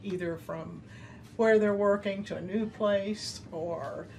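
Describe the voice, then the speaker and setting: A woman life coach chatting softly as a panel guest. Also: mid-range voice, fairly even intonation, takes it slowly, vocal fry. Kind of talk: casual panel chat. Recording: distant mic, faint noise.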